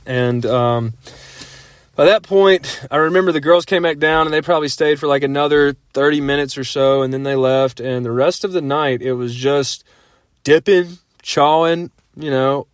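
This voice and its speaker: Chatty man telling a story, slightly high voice. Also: moderate pace, smooth, no echo, studio quality. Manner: rambling, filler-heavy, laughs often. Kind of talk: casual personal anecdote.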